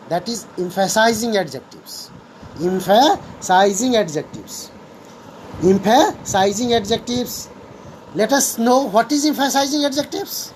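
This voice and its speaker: A woman's voice: on the high side, a little mellow, a little hiss or hum, low-quality recording. A woman teaching a grammar lesson to students, going over each definition again and again and returning often to "here" and "so students". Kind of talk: slow classroom lesson.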